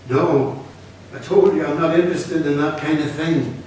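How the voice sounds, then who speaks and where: A man voicing an exasperated young man held at gunpoint, speaking in high, incredulous outbursts. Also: steady tone, normal speed, darkish tone, slight background noise, close to an everyday voice. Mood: defensive. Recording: echoey hall, from far off.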